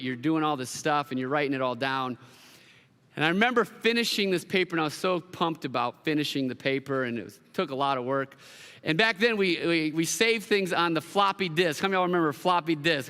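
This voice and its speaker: A middle-aged male pastor tells a story from the pulpit, acting out the people in it with lively, animated energy. His voice sits a little higher than most men's. Faint instrumental music plays softly behind him. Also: clear, resonant tone, long reverb tail. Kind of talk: sermon with personal story. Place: church stage.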